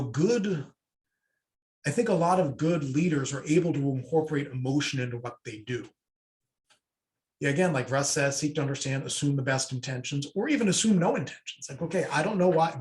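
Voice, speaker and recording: A man presenting an online workshop in a relaxed, conversational way, answering questions from the chat and acting out short sample dialogues. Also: on the high side. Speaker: webinar presenter. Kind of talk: casual online workshop talk.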